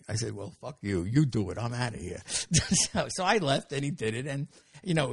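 Older male guest with a gravelly, husky voice, recorded dry and close, who tells stories animatedly and acts out the dialogue. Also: mid-range voice, no echo. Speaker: interview guest. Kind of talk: anecdotal storytelling.

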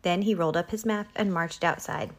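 A woman reading a children's picture book aloud in an expressive, animated way. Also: on the low side, a little fast. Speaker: reader.

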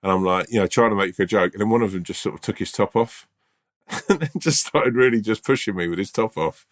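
A man's voice: on the low side, a little fast. A man co-hosting a podcast, talking casually and storytelling with lots of restarts and quoted voices. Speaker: podcast co-host. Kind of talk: casual chat.

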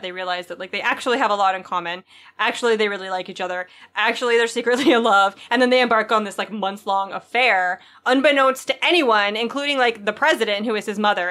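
A woman's voice: medium pitch, quick pace, a bit bright. A woman co-hosting a podcast, summing up a book in rambling casual chat full of "like" and "um". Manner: rambling, with lots of "like" and "um".

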